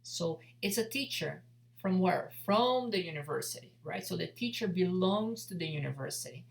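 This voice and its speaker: A woman teaching a casual beginner language lesson, repeating example sentences slowly with fillers between. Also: on the low side, animated, vocal fry.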